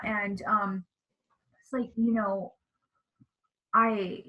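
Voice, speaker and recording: A woman's voice: mid-range voice, fairly even intonation, moderate pace, muffled recording. A woman speaking as an interview guest, telling of spiritual experiences in an earnest, emotional way. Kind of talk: casual interview talk about spiritual experiences.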